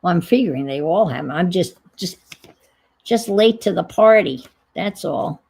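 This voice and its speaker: A woman chats casually while she crafts, rambling and thinking aloud with self-deprecating asides. Her voice is low, gravelly and breathy. She talks slowly and unhurriedly. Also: lively intonation, a little mellow, rough recording. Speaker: crafting livestream host.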